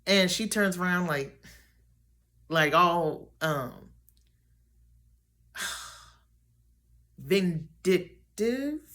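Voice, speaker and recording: A young woman vlogger telling a story about a dream in a chatty, animated way, with many fillers and restarts. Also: fairly low pitch, very slow, pauses often. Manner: acts out her own and others' lines in quotes.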